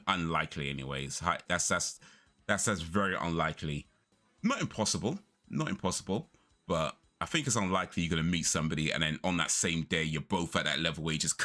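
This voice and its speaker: A man's voice: low-pitched, pushed and bright. A young man chatting casually on a live stream, rambling through stories and laughing often.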